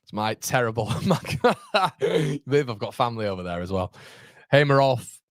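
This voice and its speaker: A man hosting a live watchalong, shouting at the match and chatting with his viewers in British slang. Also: medium pitch, expressive, a little slow, no echo, clean studio sound. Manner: uses British slang like lads, mate, muppets. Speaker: live-stream watchalong host. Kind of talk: excitable live football reaction chat.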